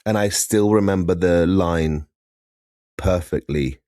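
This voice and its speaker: A young man from Syria co-hosts a podcast with a very low voice. The sound is dry and close, and he tells animated stories, laughing as he goes. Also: slow pace, no echo. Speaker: podcast co-host. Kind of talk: casual chat.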